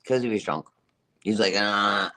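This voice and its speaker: A woman's voice: a bass voice, brisk, fairly bright tone. A middle-aged woman telling a personal story to her live chat, emphatic, repetitive and profane, laughing as she goes. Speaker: livestreamer.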